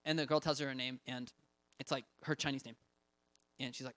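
A young man giving a casual talk about evangelism training over slides, full of fillers and quick laughs as he acts out little quotes. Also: medium pitch, steady tone, fairly bright tone, dry recording. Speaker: ministry trainer presenting.

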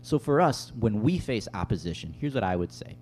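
Male pastor, easygoing sermon delivery, low and dark tone. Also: very animated, brisk, faint music behind. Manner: conversational, casual, with many fillers. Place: room with tables and an audience.

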